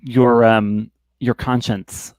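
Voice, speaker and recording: A man narrating as game master of a tabletop game, halting and full of fillers. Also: medium pitch, level tone, darkish tone, smooth, no echo. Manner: rambling, halting, many fillers.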